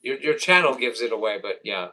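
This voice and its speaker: A man's voice: mid-range voice, animated, brisk, crowd noise. A man hosting a livestream group call, chatting casually and jokingly, often repeating himself. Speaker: livestream host.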